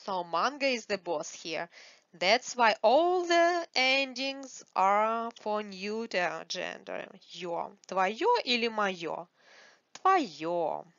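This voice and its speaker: A woman teaches a beginners' lesson at an unhurried pace. She explains patiently and repeats each example word clearly. The recording is dry and slightly dull. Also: mid-range voice, sing-song, fairly bright tone, no room sound. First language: Russian. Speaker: language teacher. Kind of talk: slow, careful beginner lesson with spoken examples.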